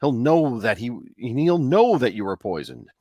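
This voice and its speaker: Guy doing a cold emotionless wife, blunt and flat, bit higher than his own voice. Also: a little slow, no room sound, studio quality. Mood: alarmed. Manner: cold, flat, matter-of-fact.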